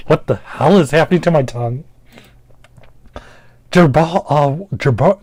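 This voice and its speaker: A man's voice: on the high side, a little slow, long pauses, darkish tone, husky, dry recording. A man giving casual, rambling gameplay commentary, full of fillers, restarts and the odd swear word. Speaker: gaming commentator.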